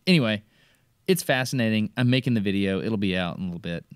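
A man chatting on a podcast, excitable and quick to launch into explanations. His voice sits fairly low. The sound is dry and close, with no room around it. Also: smooth, no echo. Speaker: podcast host. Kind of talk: casual chat.

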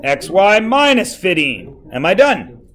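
A man's voice: high voice, sing-song, takes it slowly, a bit bright. A male math teacher in a classroom, playfully quizzing his students and joking with them. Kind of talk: classroom lesson.

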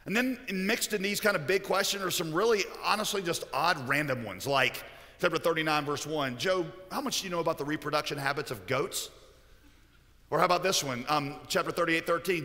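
A pastor preaching a sermon, telling stories and cracking jokes along the way. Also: male voice, a little high, fairly quick, sharp tone. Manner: storytelling with joking asides. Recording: echoey hall with long reverb.

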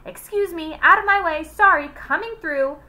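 A woman reading aloud as a bold, exasperated schoolgirl who shouts and demands answers. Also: medium pitch, big pitch swings, slow pace, heavily acted.

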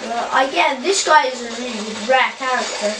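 Excitable high-voiced gamer, distant and roomy. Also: female voice, moderate pace. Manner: excitable, frequent exclamations. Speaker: gaming channel host. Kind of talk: live gameplay commentary. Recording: roomy, distant mic, loud game noise.

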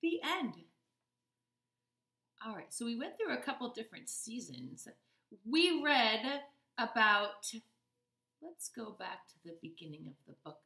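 A young woman reads a picture book aloud to children, slow, lively, and teacherly. Her voice is a little high, and the room is echoey.

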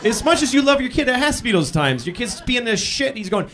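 A man performing a stand-up comedy routine, telling exasperated stories and bursting into shouted acted-out lines. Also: very high-pitched, sing-song, quick pace. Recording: live club with laughing crowd.

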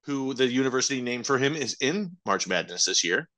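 A young man co-hosting a casual podcast, laid-back and jokey, tossing out quick asides. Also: mid-range voice, animated, pushed and bright. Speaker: podcast co-host. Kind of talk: casual chat.

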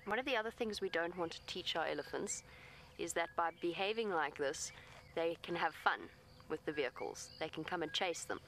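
Her voice is on the low side and fairly bright, moving at a moderate pace with lively intonation, with slight background noise. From her vehicle outdoors, this woman safari guide gently coaxes an elephant in a pleading tone and gives viewers a matter-of-fact live account of its behavior.

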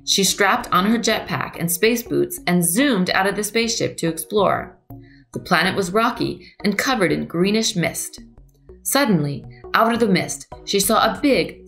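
Gravelly woman reading to children. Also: mid-range voice, animated, unhurried, a bit bright, soft background music. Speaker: museum storyteller and craft presenter. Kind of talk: children's story reading and craft demonstration.

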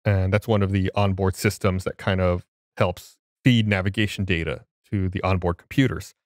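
A man's voice: low voice, steady tone, moderate pace, dry recording, clean studio sound. A man co-hosting a podcast, explaining things step by step in casual chat. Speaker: podcast co-host.

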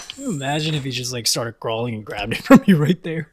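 A man giving casual commentary on a horror game playthrough. He curses a lot and jokes, and at times he taunts the game's monster in a loud, high voice. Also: lively intonation, fairly quick, husky. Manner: profane, taunting, joking. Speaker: gaming YouTuber. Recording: game music behind the voice.

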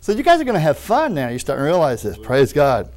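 A man preaching a lively sermon, acting out quoted voices and laughing along the way. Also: fairly high pitch, fast talker.

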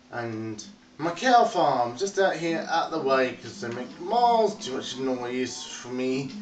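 A man's voice: medium pitch, slight background noise. A man giving a chatty, rambling tour of his game world and calling playfully to his animals. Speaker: video game tour guide. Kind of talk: casual narrated game walkthrough. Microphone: phone recording. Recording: echoey phone recording from a distance.

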